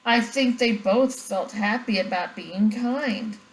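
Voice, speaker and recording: A woman's voice: a little high, slow pace. A grandmother voicing an eager little schoolgirl. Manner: bright, eager and excited. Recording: roomy echo, faint ambience.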